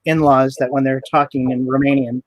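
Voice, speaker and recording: Flat-voiced soft-spoken man on a call. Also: medium pitch, fairly quick, no echo, soft background music. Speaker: guest. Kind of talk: casual chat on a video call.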